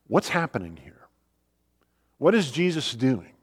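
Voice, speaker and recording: A man's voice: mid-range voice, big pitch swings, a little slow. Preaching man in a reverberant hall. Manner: earnest, emphatic preaching with rhetorical questions. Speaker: pastor. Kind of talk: sermon.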